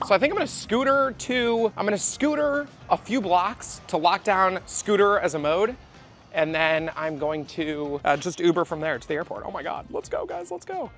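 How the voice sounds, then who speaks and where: A man vlogging to a handheld camera, thinking out loud and exclaiming as he plays a travel hide-and-seek game. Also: high-pitched, moderate pace, faint music behind. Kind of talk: excited vlog narration to camera. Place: outdoors on a rainy city street.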